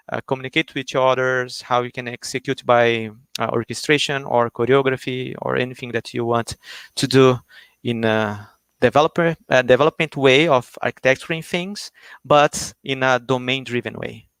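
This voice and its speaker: Man explaining software on a video call. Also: mid-range voice, clear, resonant tone, dry recording. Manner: many fillers and restarts, explanatory. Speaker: guest speaker, software engineer. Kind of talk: technical explanation on a live stream.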